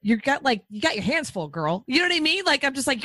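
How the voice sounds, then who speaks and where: A woman hosting a podcast, chatting in a bubbly, excitable way with lots of restarts. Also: sits high, fast, no echo. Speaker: podcast host. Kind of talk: casual interview chat.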